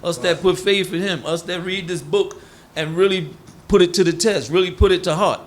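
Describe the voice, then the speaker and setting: A man's voice: high-pitched, fairly even intonation, moderate pace. A man preaching a sermon on proverbs in a folksy, colloquial way, acting out everyday quotes.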